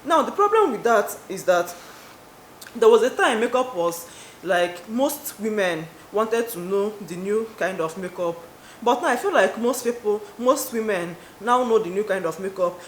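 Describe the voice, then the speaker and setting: Young woman, rambling wry vlog talk, roomy echo, faint hiss. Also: medium pitch. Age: young adult. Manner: rambling, wry, trailing off with filler "like". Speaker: vlogger. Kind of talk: casual talk to camera. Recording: echoey room with faint noise.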